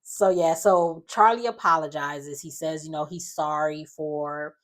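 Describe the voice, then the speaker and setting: A woman's voice: sits low, measured pace. Sassy woman recapping reality TV. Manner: animated, sassy storytelling with slangy asides and laughter. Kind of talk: casual reality show recap.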